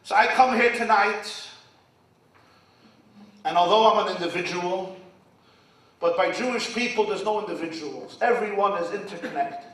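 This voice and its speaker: A rabbi giving an impassioned sermon at an event, swinging from shouts to near-whispers and using Hebrew and Yiddish terms. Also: male voice, high voice, normal speed, long pauses. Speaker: rabbi and speaker. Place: event hall. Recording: echoey hall from far off.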